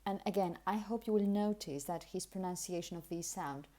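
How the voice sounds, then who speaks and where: Fairly quick and warm-toned, with a lowish voice, this native Spanish speaker with a Spanish accent teaches English pronunciation, giving careful explanations and repeating example words.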